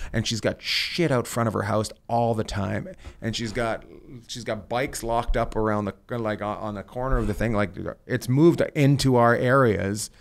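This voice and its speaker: Gravelly low-voiced man telling rambling stories. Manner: rambling storyteller, swears freely. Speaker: podcast host. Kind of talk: casual chat. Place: lives in California.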